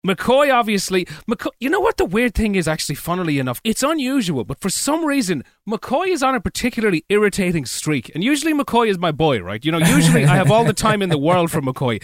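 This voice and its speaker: A man's voice: sits high, very animated, a little fast, few pauses, no echo, clean studio sound. A man with an Irish accent, a podcast guest chatting casually, joking and rambling with frequent restarts. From Ireland. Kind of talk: casual chat.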